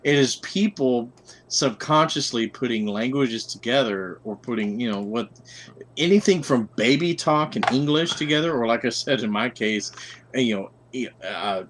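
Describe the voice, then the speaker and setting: A man's voice: mid-range voice, lively intonation, moderate pace, fairly bright tone, slight background noise. A man chatting casually as a stream guest, stammering and repeating words, laughing often. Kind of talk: casual chat.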